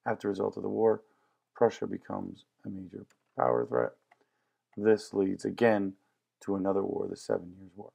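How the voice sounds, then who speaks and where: A man's voice: fairly low pitch, level tone, moderate pace, gravelly, mellow, breathy edge. A man teaching a history lesson in a casual, joking lecture style. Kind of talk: classroom lecture.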